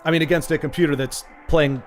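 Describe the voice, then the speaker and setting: A gaming channel host plays a card game, joking casually, muttering to himself, and tossing asides to his viewers. His voice is fairly high, his intonation fairly even, his pace quick.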